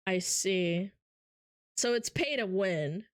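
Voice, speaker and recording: A woman's voice: medium pitch, lively intonation, takes it slowly, no echo, studio quality. A woman streamer chatting casually with her viewers, joking and swearing and laughing often. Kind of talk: casual live-stream chat.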